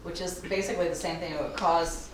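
A woman's voice: fairly low pitch, steady tone, fast talker. A woman in a church group, chiming in with affirmations and asking about scripture. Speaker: group member. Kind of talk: affirming responses and questions. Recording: very echoey room, distant, faint noise.

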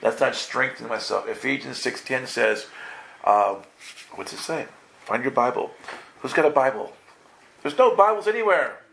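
A man preaching a lively live sermon, playful and quizzing his congregation. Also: medium pitch, moderate pace, creaky, slight background noise. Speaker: pastor.

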